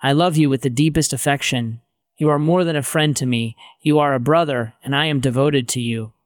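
Guy reading peter, impulsive fisherman, blunt casual talk, smooth dry sound. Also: mid-range voice, dry recording, natural voice. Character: adult man, Peter, impulsive devoted fisherman.

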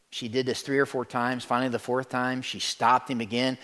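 A man delivers a sermon at an ordinary middle pitch. He speaks as a pastor to his congregation, animated and direct. He repeats words for emphasis and acts out the stories he tells. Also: a little fast. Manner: animated storytelling, acts out voices in quotes.

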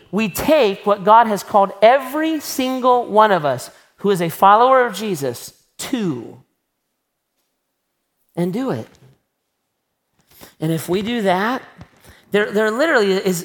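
A man's voice: high-pitched, fairly bright tone. A man preaching a sermon as a pastor, conversational and emphatic, often tossing rhetorical questions to the congregation.

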